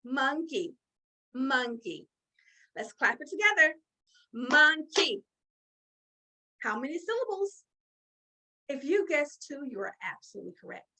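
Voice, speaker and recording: A woman's voice: sits high, very animated, sharp tone, rough recording. A woman teaching a children's phonics lesson, encouraging and drawing out words as she claps along. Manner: slow, sing-song and encouraging, drawing out words.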